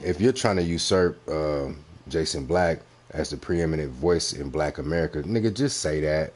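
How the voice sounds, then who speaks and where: A man's voice: rumbling low, moderate pace, hardly any pauses. A man hosting a reaction commentary, bluntly and mockingly picking apart a clip, repeating his points for emphasis. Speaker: commentary host reviewing clips.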